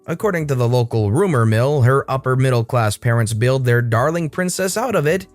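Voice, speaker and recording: A man narrating online stories in a scripted, expressive reading, with asides to his viewers. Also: medium pitch.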